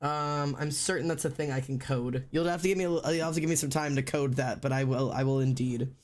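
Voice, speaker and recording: A man with a sore throat, chatting casually on a livestream while he draws, rambling and swearing freely in a deliberately low-energy way. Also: fairly even intonation, a little mellow.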